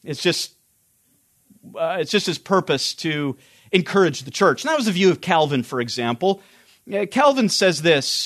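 High-voiced man teaching a Bible study. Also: sing-song, normal speed, fairly bright tone. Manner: earnest, explanatory, with frequent restarts.

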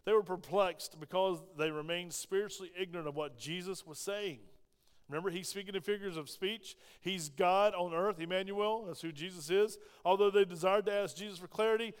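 Male pastor, high and smooth voice, lively sermon delivery with rhetorical questions, church hall reverb. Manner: animated preaching with humor, quick asides and rhetorical questions. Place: church sanctuary.

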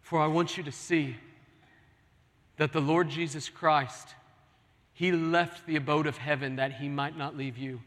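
A man's voice: on the high side, steady tone, measured pace, long pauses, fairly bright tone. A man preaching a sermon as pastor, earnest and pleading with his congregation in a large church. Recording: long hall reverb.

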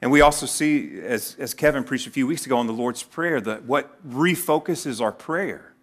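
A man delivers a sermon in an ordinary middle-pitched voice. He keeps it conversational, breaking into acted-out quotes with sudden leaps in pitch and loudness before settling back down. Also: normal speed. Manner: animated preaching, acts out quoted voices with sudden pitch jumps. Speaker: pastor.

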